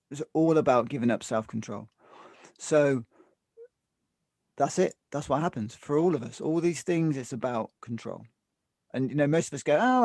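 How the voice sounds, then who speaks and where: A man co-hosting a talk show in casual conversation, animated and acting out what other people say to him. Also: medium pitch, vocal fry, no echo, clean studio sound. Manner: animated, mimics others in quoted asides. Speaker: podcast co-host.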